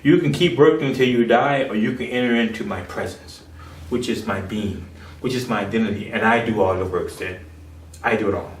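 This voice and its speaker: A man preaching a sermon from his home office, impassioned and swinging between loud and hushed delivery. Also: lowish voice, a little fast, reverberant, distant mic, a little hiss or hum.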